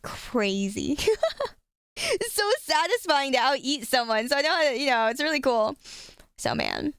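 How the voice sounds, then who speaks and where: A woman's voice: high-pitched, huge pitch swings, a bit bright, clean tone, dry recording, clean studio sound. Chatty, foul-mouthed young woman streamer. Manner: chatty, swears freely, quick asides. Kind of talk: casual chat with chat.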